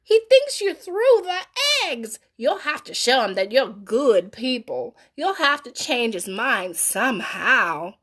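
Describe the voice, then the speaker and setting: A woman voicing a kind, gentle elderly grandmother in a storybook read-aloud, with a tender, soothing manner. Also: on the high side, very animated, takes it slowly, few pauses, heavily acted.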